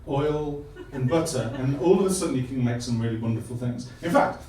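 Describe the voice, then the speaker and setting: A man giving a light-hearted science talk on stage, self-deprecating and halting, full of restarts. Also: mid-range voice, darkish tone, slight background noise. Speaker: guest speaker. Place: live comedy venue. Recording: echoey hall from far off.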